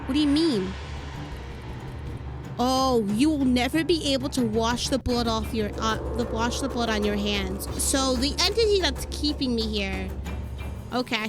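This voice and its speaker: A woman's voice: animated, normal speed. A woman streaming a horror game, reading its text aloud and reacting dramatically with frequent swearing, with game music playing behind. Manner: dramatic, swearing, jumps high when flustered.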